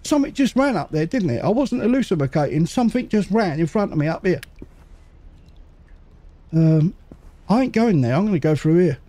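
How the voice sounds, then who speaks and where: A man casually commentating a game as he plays, muttering to himself and making quick jokes. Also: sits high, lively intonation, warm tone, no room sound. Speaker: gaming channel host. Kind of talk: casual let's-play commentary.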